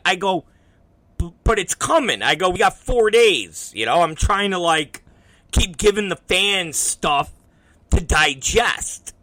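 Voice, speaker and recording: Swearing often in a casual monologue, the host of his own show plays both parts of past conversations. He has a high, very animated voice with a bright, forceful tone, unhurried and full of pauses. There's no reverb on the dry recording.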